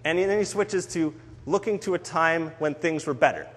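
A man's voice: on the high side, moderate pace, a bit bright. A man giving a sermon on a psalm in an earnest, conversational way. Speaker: preacher. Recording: long hall reverb.

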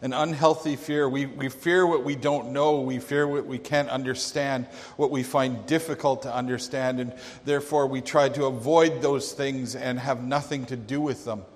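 A male pastor preaching a sermon, telling a story dramatically with emphatic pauses. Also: medium pitch, fairly even intonation. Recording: long reverb of a large hall.

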